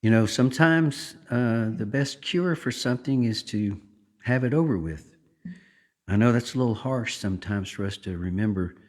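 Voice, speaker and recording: A man hosting a weekly gospel livestream, talking softly and devotionally to viewers, with frequent filler words. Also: on the low side. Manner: soft-spoken, unhurried, many filler words. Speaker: gospel singer and livestream host. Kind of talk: casual devotional talk. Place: home livestream.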